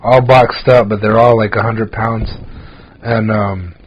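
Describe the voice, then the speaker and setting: A man's voice: lowish voice, steady tone, a little slow, dull audio, slight background noise. A man co-hosting a podcast, chatting casually and telling rambling stories packed with filler words. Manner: rambling storyteller, frequent "like" fillers. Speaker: podcast co-host. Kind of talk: casual chat.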